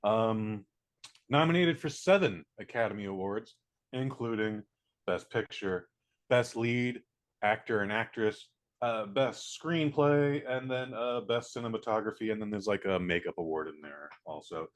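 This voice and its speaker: A man giving a casual spoken movie review, blunt and profane, acting out scenes in quick little voices. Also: lowish voice. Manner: blunt, profane, animated, mimics characters.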